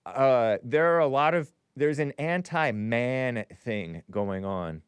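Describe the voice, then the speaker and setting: A man's voice: mid-range voice, slow, smooth, dry recording. A man hosting a call-in talk show, musing aloud in a wry way and often trailing off.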